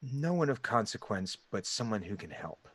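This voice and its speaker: A mysterious hooded stranger, voiced by a man running a tabletop game speaks low and gravelly, slowly and hushed. The sound is dry and close. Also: sing-song, dry recording, exaggerated voice. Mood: ominous.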